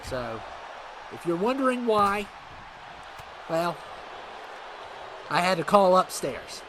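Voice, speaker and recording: A man's voice: sits high, sing-song, takes it slowly, noisy background. A man giving casual let's-play commentary on a wrestling game, dramatic and playfully indignant. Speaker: gaming commentator.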